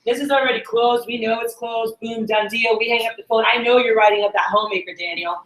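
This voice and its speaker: A woman sales trainer telling stories to a group, acting out quotes in an animated way. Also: a little high, fast. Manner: animated storyteller, acts out quotes. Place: meeting room with a group. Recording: echoey meeting room.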